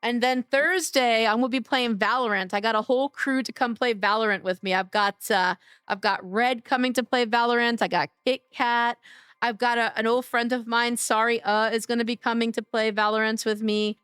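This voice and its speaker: A woman's voice: fairly high pitch, fairly even intonation, moderate pace, a bit bright, clear, resonant tone, no room sound, clean studio sound. A woman streaming a game live, chatting and teasing her viewers by name, her voice worn from days of streaming. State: losing her voice. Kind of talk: casual live-stream chat.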